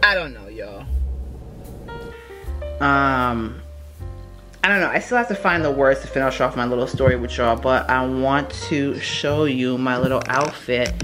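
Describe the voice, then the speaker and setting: A woman in her thirties talks straight to her camera at home, telling a story with lively, exclaiming delivery and calling out to her viewers. She gets animated and shifts her tone a lot as she goes. Soft music plays behind her voice. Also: very deep voice, measured pace, pauses often, poor audio. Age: 30s. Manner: animated, exclaiming, mimics others, addresses viewers as y'all. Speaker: vlogger. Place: home kitchen.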